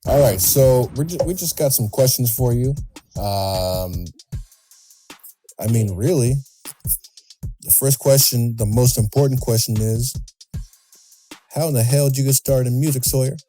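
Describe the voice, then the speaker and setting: A male co-host who teases in a dry, deadpan manner, with an average-pitched voice. Music plays clearly in the background. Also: unhurried, pauses often. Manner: deadpan, teasing. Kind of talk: casual chat show banter.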